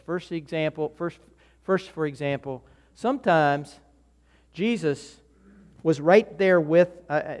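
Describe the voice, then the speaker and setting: A man preaches as pastor in a voice on the high side with a darkish tone. His sermon unfolds as casual storytelling with acted-out voices and many restarts, recorded with long hall reverb.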